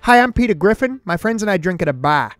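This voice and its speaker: A man's voice: high voice, very animated, quick pace, fairly bright tone, faint music behind. A man doing an impression of a dopey Boston-accented cartoon dad with a goofy drawl. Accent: put-on Boston.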